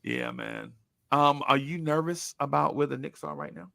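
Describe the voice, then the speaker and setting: A man's voice: a little high, wildly swooping pitch, moderate pace, creaky, bright, forceful tone, no room sound, studio quality. A man hosting a casual sports podcast, talking in a laid-back, rambling way full of slang and restarts. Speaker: podcast host.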